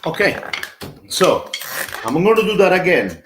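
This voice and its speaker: A man's voice: high-pitched, big pitch swings, unhurried, noisy background. Chatty man teaching drums. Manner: chatty, scats drum patterns aloud. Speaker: drum teacher. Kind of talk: live online drum lesson. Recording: roomy, with drumming behind.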